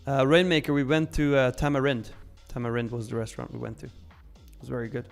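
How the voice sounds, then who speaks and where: A man's voice: medium pitch, little pitch movement, fairly quick, vocal fry, soft background music. A young man hosting a live trading stream, chatting casually and upbeat as he reads viewer comments, laughing often and using slang.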